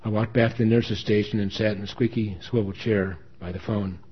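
A man's voice: lowish voice, steady tone, brisk, husky. A man reading a dramatic first-person story with earnest emotion. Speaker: story reader. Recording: dull lo-fi recording.

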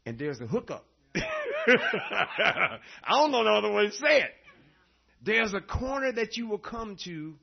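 A man preaching a sermon, telling stories in an animated way and laughing often. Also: sits high, measured pace, vocal fry, breathy edge. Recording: dull lo-fi recording.

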